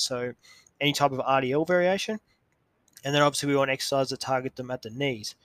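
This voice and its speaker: A man hosting a solo podcast, explaining step by step in a steady, self-described monotone voice. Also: medium pitch, dry recording. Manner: calls his own voice monotone, steady explanatory delivery. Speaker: podcast host. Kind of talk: solo educational podcast talk.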